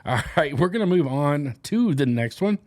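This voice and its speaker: A man's voice: a little high, lively intonation, moderate pace, darkish tone, no room sound, studio quality. A man hosting a fishing channel, chatting casually and candidly to camera in a rambling, joking way.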